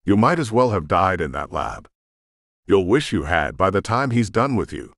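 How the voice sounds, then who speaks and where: A man's voice: low voice, sing-song, normal speed, gravelly, a bit bright, dry recording, clean studio sound, heavily acted. A man voicing a bitter, vengeful male rogue shifter who taunts and threatens in a sneering way. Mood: threatening.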